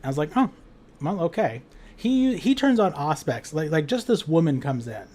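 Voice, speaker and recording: With a warm, slightly high voice that swings widely in pitch, a man talks at normal speed while recapping a tabletop game he ran as game master. It's a casual, rambling retelling full of "like" fillers, profanity and laughs.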